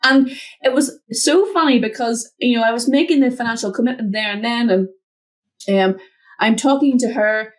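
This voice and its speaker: A woman mentor, a guest in an interview, telling a personal story from her home office over a video call, acting out the voices in it. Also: moderate pace. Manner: animated, acts out quotes with big pitch jumps.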